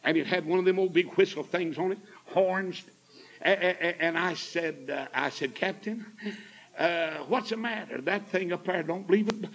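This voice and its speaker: Emphatic preacher, high voice. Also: male voice, normal speed, poor audio. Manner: folksy, emphatic, rising to shouts. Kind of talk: storytelling sermon.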